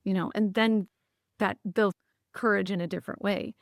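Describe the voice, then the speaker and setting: A woman's voice: mid-range voice, steady tone, moderate pace, creaky, no echo, studio quality. A woman, a podcast guest earnestly recounting stories with frequent restarts. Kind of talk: conversational storytelling.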